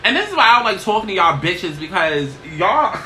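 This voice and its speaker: A woman chatting casually in a get-ready-with-me vlog, brash and profane, tossing in "okay?" constantly while seated low in a small chair. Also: sing-song, normal speed, bright, forceful tone, slight background noise, poor audio. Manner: brash, profane, sassy, keeps asking "okay?". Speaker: YouTuber.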